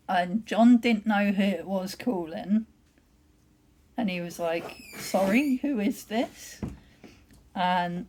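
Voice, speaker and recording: A woman chatting casually at home in a soft-spoken, giggly way. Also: lowish voice. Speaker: vlogger. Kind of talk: casual chat. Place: home living room.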